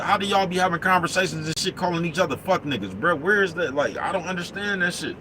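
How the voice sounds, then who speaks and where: Streetwise trucker over road noise. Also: male voice, a little high, bright, forceful tone. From East Oakland, California. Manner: streetwise, profane, keeps asking "you know what I'm talking about". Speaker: truck driver vlogger. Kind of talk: casual vlog monologue answering comments. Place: inside a big truck cab on the road. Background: traffic and vehicle noise.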